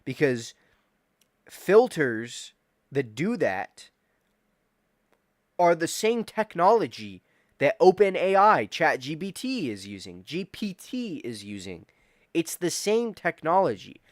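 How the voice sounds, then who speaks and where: A man's voice: fairly high pitch, very animated, slow, pauses often, dry recording, studio quality. A man in his twenties streaming casual chat, rambling, swearing and repeating himself as he reacts to chat. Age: 20s.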